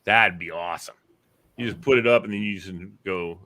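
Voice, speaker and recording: A man's voice: fairly low pitch, normal speed, long pauses. A man in his fifties chatting casually and jokingly with friends on a show, sometimes slipping into playful voices. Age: 50s. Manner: jokey, animated, slips into playful character voices. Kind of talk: casual banter.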